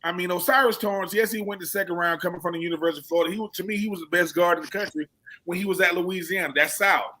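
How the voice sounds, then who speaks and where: A man's voice: high voice, racing. A man with a Southern American accent, chatting casually on a sports radio panel and acting out the voices he quotes. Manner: animated, storytelling, acts out quoted voices.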